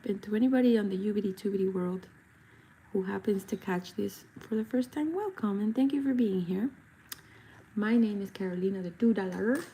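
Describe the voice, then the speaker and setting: A woman's voice: mid-range voice, dark tone, slight background noise. A woman face painter chatting casually on a livestream while she paints, self-mocking and chatty. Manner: chatty, self-mocking, bursts into silly song.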